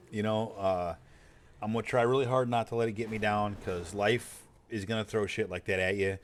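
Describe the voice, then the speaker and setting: A man chatting casually while streaming a game, rambling and swearing freely in a laid-back way. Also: lowish voice. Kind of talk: casual chat while gaming.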